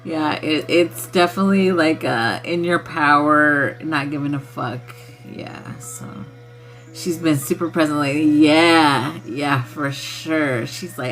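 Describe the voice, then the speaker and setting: A woman's voice: sits low, measured pace, fairly bright tone, faint music behind. A woman hosting a casual spiritual livestream who laughs often and swears freely in a loose, playful way. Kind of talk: casual chat with viewers.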